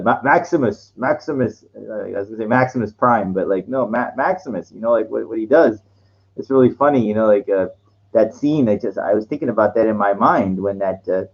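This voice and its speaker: A man's voice: fairly low pitch, normal speed, highs cut off. A man talking casually to his vlog audience, rambling through fillers and restarts and laughing at his own jokes. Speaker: vlogger.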